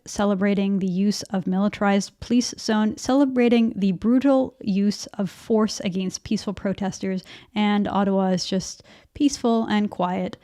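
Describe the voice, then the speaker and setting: A woman's voice: mid-range voice, a little mellow. Woman doing fired-up news commentary, indignant, keeps repeating herself. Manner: indignant, emphatic, with repeated words.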